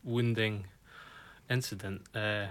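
A former footballer giving his views in a casual podcast chat, measured and reflective. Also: fairly low pitch, fairly even intonation, a bit bright, smooth.

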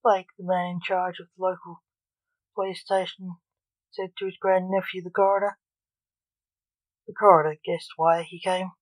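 A woman narrating a story aloud in a measured, plain reading voice. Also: on the low side, little pitch movement, no room sound, rough recording.

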